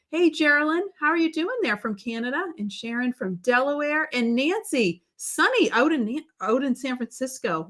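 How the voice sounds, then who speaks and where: A woman's voice: a little high, fairly bright tone. A middle-aged woman hosting a live craft stream, chatting casually and greeting viewers by name, with many fillers and restarts. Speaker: livestream host.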